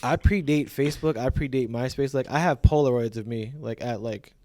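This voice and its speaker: A man, a teacher telling his story as a podcast guest in a relaxed, reflective way with many fillers. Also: medium pitch, brisk. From Brooklyn, New York. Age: 40s. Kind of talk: casual conversational interview.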